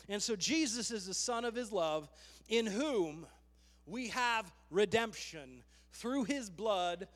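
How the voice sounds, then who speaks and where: A man's voice: high voice, fairly bright tone. A male pastor preaching a fervent sermon, calling "come on" to his congregation, in a long hall reverb.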